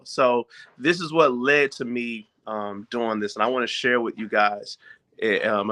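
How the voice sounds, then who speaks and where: A man with a bright, forceful voice talks straight to his viewers about raising children. He sounds informal and direct, and he keeps checking that his listeners are following along. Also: on the low side. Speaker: parent giving parenting advice. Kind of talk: casual talk to viewers.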